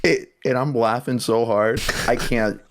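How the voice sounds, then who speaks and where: A man in a loose podcast conversation who laughs through his own stories and keeps apologizing. His voice sits at an everyday middle pitch. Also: steady tone, measured pace, background noise. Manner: laughing, self-deprecating storyteller. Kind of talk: casual chat.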